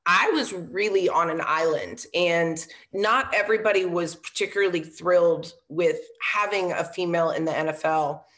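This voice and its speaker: A former football coach, she tells a story in an interview, speaking at a moderate pace with a lowish voice and few pauses. Her manner is casual and earnest, full of "um" and "right?", and when she quotes others she acts them out in lively voices.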